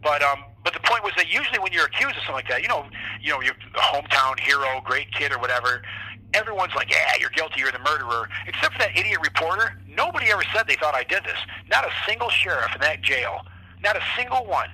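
A man's voice: a little high, big pitch swings, fast talker, bright, forceful tone, husky, rough recording. A man talking as an interview guest, telling his story with animation, acting out what others said and swearing freely. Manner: acts out what others said to him. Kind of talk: casual interview.

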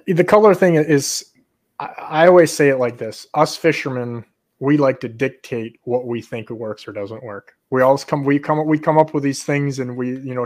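A man who runs fishing charters, hosting a podcast and talking fishing in casual chat, animated and quick to repeat himself when excited. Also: medium pitch.

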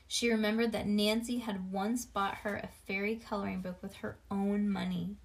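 A woman reading a children's storybook aloud in a lively way. She stops now and then for quiet asides to a child listening. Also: mid-range voice, moderate pace, creaky, a little hiss or hum. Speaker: reader.

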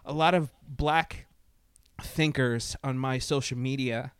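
A man in casual podcast chat, talking in a profane, animated way, with many fillers and restarts. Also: mid-range voice, slow, clean tone, no echo, clean studio sound. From Latin America.

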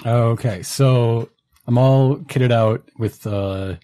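Brief: casual male player, chatty and loose, mid-pitched voice. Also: slow, warm tone. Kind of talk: tabletop game play.

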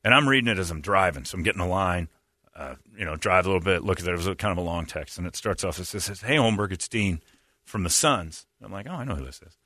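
A deep-voiced man hosts a radio show, telling a self-mocking story in casual, animated chat and laughing readily. The studio sound is clean with no echo.

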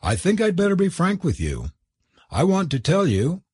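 A flustered cook in disguise, anxious and servile, pleading in a raised, husky voice, as a man reads the part. The delivery is dry and close, with plenty of swing in the pitch. A storybook figure played for comedy. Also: wildly swooping pitch, normal speed, a little mellow, no echo, full character voice.

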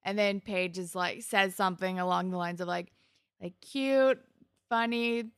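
A young woman chats through a TV episode, often laughing and mimicking characters. Her mid-pitched voice has a gravelly fry, and the sound is dry and close. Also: steady tone, measured pace, no room sound. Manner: chatty, laughs often, acts out quotes. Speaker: podcast co-host. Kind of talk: casual TV recap chat.

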